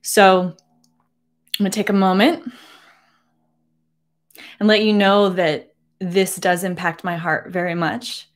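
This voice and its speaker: A woman in her forties speaking earnestly to camera from her home, emotional and holding back tears, with many halting restarts. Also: mid-range voice, level tone. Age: 40s. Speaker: beauty vlogger. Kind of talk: personal address to camera.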